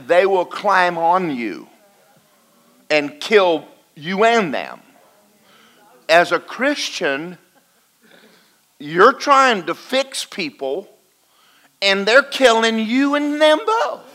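A man preaching a folksy sermon to a congregation, swinging between loud and quiet. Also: sits high, big pitch swings, slow pace, long pauses. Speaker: pastor. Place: church in front of a congregation.

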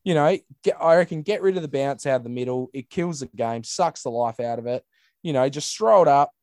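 A man's voice: mid-range voice, fairly quick, darkish tone, no room sound, studio quality. An Australian man in casual podcast chat, ranting bluntly with swearing and mimicking others. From Western Australia.

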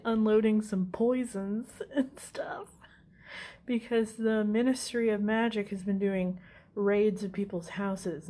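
A woman with a medium-pitched, somewhat dark voice casually recaps a movie. She swears freely and giggles at her own asides.

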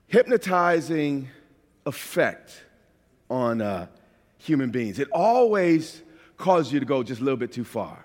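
A man with a New York accent preaching a sermon, emphatic, moving from quiet asides to shouted points. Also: fairly high pitch. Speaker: pastor.

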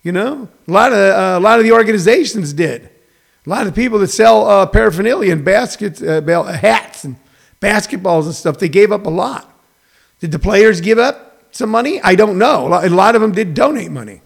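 A man hosting a show, talking in an animated, rambling way with lots of fillers as he gives his opinions. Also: high-pitched, fairly quick, gravelly. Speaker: host. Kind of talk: casual opinion commentary.

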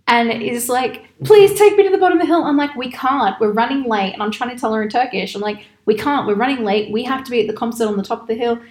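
Woman, casual storyteller, lively quoted voices, slightly high pitch, roomy echo. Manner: animated, quotes people in raised voices, laughs often. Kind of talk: casual anecdote telling. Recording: echoey room.

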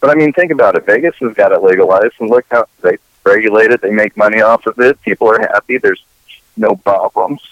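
A man's voice: fairly low pitch, a little fast, dry recording, highs cut off. A man co-hosting a casual talk show, rambling and opinionated with lots of profanity. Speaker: podcast co-host. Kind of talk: casual chat.

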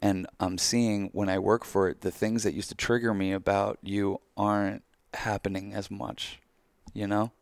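A man with a very low voice and a gravelly edge talks through his thoughts on a podcast, candid and reflective, dropping casual swears. The recording is dry and close, with no room sound. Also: flat delivery, moderate pace, hardly any pauses, dry recording. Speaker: podcast co-host. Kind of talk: casual chat.

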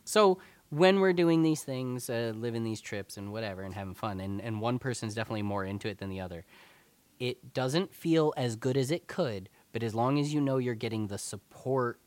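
A man's voice: mid-range voice, moderate pace, a little mellow, no echo. A man in his thirties with a Pacific Northwest American accent, chatting casually as a podcast co-host and rambling with many fillers and restarts. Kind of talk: casual chat.

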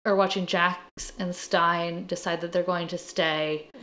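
A woman's voice: fairly low pitch, level tone, unhurried, fairly bright tone. Profane rambling woman podcast co-host. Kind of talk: casual chat.

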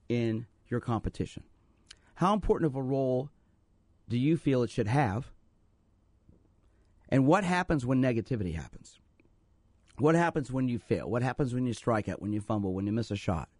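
Earnest and storytelling, a sports psychologist hosting a call-in radio program keeps urging listeners to phone in, repeating the number. He has a medium-pitched, darkish voice, and the recording is dry.

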